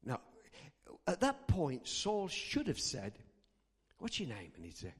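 A man's voice: on the high side, takes it slowly, breathy edge. A man preaching a sermon, telling a story and acting out the characters' lines. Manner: animated, acts out characters' lines. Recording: long hall reverb.

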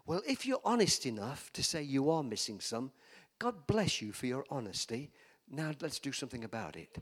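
A man's voice: medium pitch, sing-song, normal speed, slightly rough. A man preaching a sermon in a church, emphatic and calling for amens from the congregation. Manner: emphatic, call-and-response preaching.

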